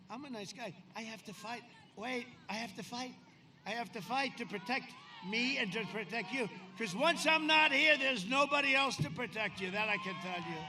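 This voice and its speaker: A man in his seventies giving a rambling, boastful campaign rally speech outdoors, swinging from shouting to quieter confiding asides. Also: very high-pitched. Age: 70s. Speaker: politician speaking at a campaign rally. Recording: outdoor rally PA with crowd noise. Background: crowd ambience.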